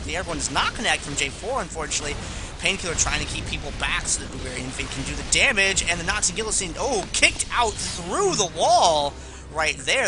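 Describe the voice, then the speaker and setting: Excitable esports caster guy, higher voice, game music pretty clear behind. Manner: excitable, jokey commentary. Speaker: esports commentator. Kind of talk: esports color commentary.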